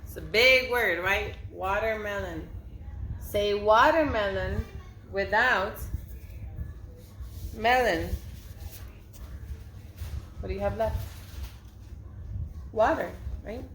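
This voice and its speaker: A woman's voice: mid-range voice, slow pace, long pauses, a bit bright, roomy sound, slight background noise. A woman teaching a circle-time lesson to young children, speaking in a patient, sing-song way and drawing out her words. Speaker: preschool teacher.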